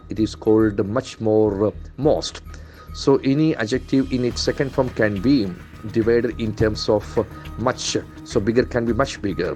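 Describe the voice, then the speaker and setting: An English trainer from India works through newspaper headlines in a lesson, spelling words out letter by letter and repeating how they are pronounced. His voice is fairly low and somewhat dark in tone.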